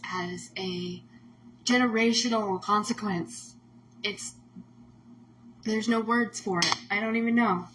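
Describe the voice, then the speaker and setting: A woman's voice: mid-range voice, fairly bright tone, slight background noise, low-quality recording. A woman host talking casually on a livestream, emotional and rambling, full of "like" fillers. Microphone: phone or webcam on a livestream.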